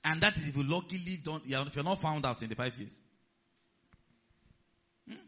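A man preaching a sermon, animated and putting rhetorical questions to his listeners. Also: on the high side, fairly quick, highs cut off.

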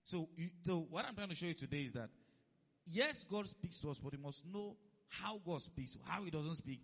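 Preacher guy, slightly high voice, keeps asking the crowd if they're following. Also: lively intonation, moderate pace, fairly bright tone. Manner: keeps checking if listeners follow. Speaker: pastor. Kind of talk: sermon. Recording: dull lo-fi recording.

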